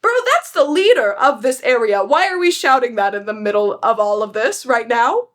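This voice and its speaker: A young woman with a high voice recaps a book in loose, casual talk. She is sarcastic and makes offhand asides as she goes. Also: expressive, normal speed. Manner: chatty, sarcastic, laughs often. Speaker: book vlogger.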